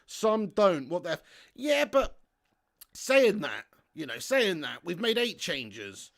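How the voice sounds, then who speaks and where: A man hosting a live football watch-along, reading viewer chat aloud, swearing freely and bursting into shouts at big moments. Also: high voice, sing-song, slow, gravelly. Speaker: fan channel host. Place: home setup in front of a green screen.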